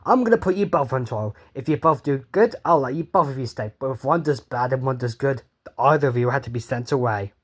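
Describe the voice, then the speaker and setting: A man's voice: medium pitch, animated, fairly quick, natural voice. A man voicing a flustered stout male railway boss who blusters out stern orders.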